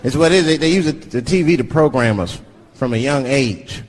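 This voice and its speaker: A male stand-up comedian telling a profane story, animated, acting out voices of the people in it. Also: medium pitch, a little fast. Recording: live show with audience laughter and noise.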